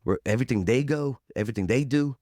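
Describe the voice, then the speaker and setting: A man's voice: mid-range voice, fast, a little mellow, dry recording, studio quality, voice pushed up, lightly acted. A man voicing his young army staff sergeant, firm and earnest.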